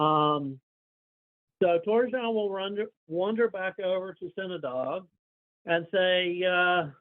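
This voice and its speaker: High-voiced game master on a tinny line. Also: male voice, a little slow, dry recording. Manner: relaxed, rambling description. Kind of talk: narrating a tabletop game. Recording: tinny dry phone-like line.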